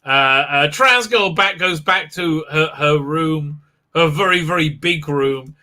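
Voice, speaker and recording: A man's voice: a little high, slow, sharp tone. A male host giving a rambling, mocking recap with many ums and uhs. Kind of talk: sarcastic live show recap.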